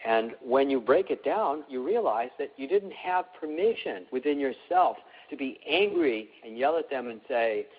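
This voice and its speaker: Calm man teaching over a tinny line. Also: mid-range voice, moderate pace, few pauses, breathy edge. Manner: calm, instructive, repetitive emphasis. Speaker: teacher of an emotional healing class. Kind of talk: live online class talk.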